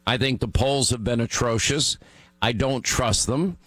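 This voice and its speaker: A hoarse middle-aged man hosting a talk radio show, rambling and repetitive as he talks through his busy day. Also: mid-range voice, unhurried, a bit bright, no echo. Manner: rambling, repetitive, self-mocking. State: hoarse from talking all day. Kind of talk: talk radio monologue and banter.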